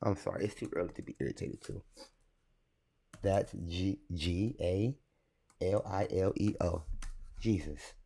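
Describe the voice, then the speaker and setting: Young man, low voice, rambling livestream talk, irritated, chatty with viewers. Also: a little slow, creaky, pauses often, mellow, slightly rough. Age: young adult. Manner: rambling, irritated, talks to chat. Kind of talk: casual livestream commentary.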